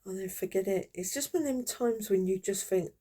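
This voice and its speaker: A woman's voice: medium pitch, a little fast, mellow. A woman in her fifties chatting casually and reminiscing while she crochets, in a rambling, friendly way. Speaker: crafter vlogger.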